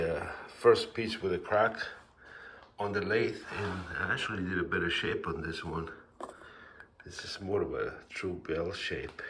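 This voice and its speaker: Man, very deep voice, relaxed rambling voice-over, woodturning host, faint background noise. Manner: relaxed, rambling, with fillers and chuckles. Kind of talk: casual voice-over narration.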